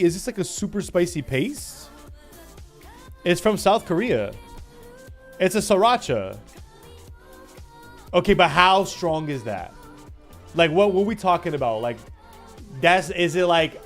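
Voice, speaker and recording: A man's voice: fairly high pitch, animated, moderate pace, long pauses, soft background music. A young man livestreaming, chatting casually and teasing his chat with playful mock rants.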